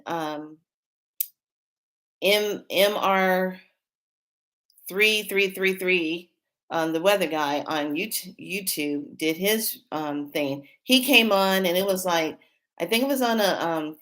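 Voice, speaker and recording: Rambling woman hosting a spiritual vlog. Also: mid-range voice. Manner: rambling, excitable storytelling with many restarts. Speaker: spiritual channel host. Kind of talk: casual spiritual vlog talk.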